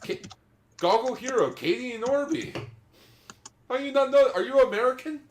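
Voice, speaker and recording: A young man co-hosting a casual podcast chat, playful and quick to joke. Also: extremely high pitch, roomy sound. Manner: playful, slips into joking character voices. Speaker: podcast co-host.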